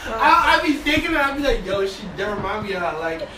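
A woman's voice: mid-range voice, very animated, fast, a crowd in the background. A young woman in casual chat, telling stories in slang and laughing as she goes. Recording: distant mic in an echoey room, loud noise.

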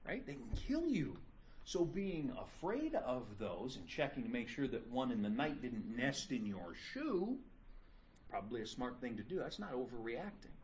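A middle-aged man lectures a classroom in a casual, joking way, swinging his pitch up and down as he tells stories. A faint room hum sits under his voice. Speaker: teacher.

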